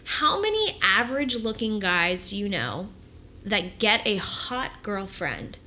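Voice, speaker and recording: A woman co-hosting a casual film-review chat, animated and chatty, swearing freely and saying "like" a lot. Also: mid-range voice, measured pace, a little hiss or hum. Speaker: podcast co-host.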